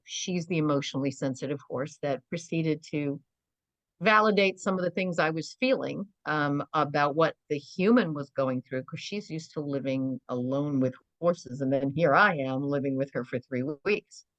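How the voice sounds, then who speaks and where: Low-voiced woman telling animal stories. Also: normal speed, no room sound, rough recording. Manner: earnest, animated storyteller with many "you know" fillers. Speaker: animal communicator guest. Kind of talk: podcast interview storytelling.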